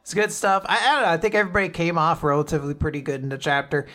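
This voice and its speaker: A male podcast host with a bright, forceful voice that sits a little high for a man. He chats casually and keeps things animated, often slipping into quoted lines as he talks. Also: rapid-fire. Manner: animated, fond of acting out quotes.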